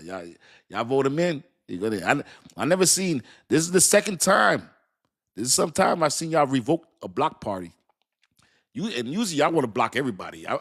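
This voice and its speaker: A man's voice: medium pitch, fairly bright tone, breathy edge. A man hosting a casual crypto live stream, talking loosely and repeating himself as he reads aloud and answers his chat, often laughing. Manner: laughs often and thinks aloud while reading. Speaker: crypto livestream host.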